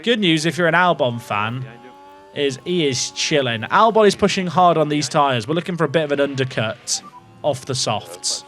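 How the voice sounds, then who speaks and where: A man's voice: a little high, expressive, moderate pace, fairly bright tone, soft background music. A man hosting and commenting on his racing management game, thinking aloud about strategy with wry asides to his chat.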